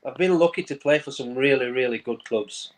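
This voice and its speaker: A man's voice: medium pitch, a little fast, rough recording. A man in his fifties from England, a former goalkeeper chatting as a guest over a video call from a home man cave, telling stories with frequent laughs and repeated words. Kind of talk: casual interview chat.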